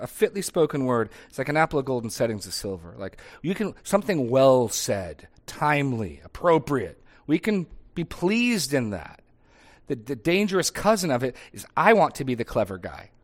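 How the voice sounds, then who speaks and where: A man's voice: fairly high pitch, very animated, normal speed. A middle-aged man, a pastor, talking in a casual discussion, conversational and thinking aloud with frequent restarts and tag questions.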